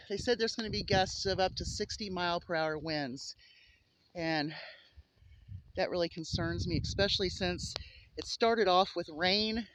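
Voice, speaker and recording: A woman's voice: fairly low pitch, fairly bright tone. Breathless woman vlogging in a snowstorm. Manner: chatty, coos affectionately at animals. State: out of breath from wind. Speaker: homesteading vlogger. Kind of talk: casual vlog chat to camera. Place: outdoors in a windy snowstorm and in a coop. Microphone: handheld camera.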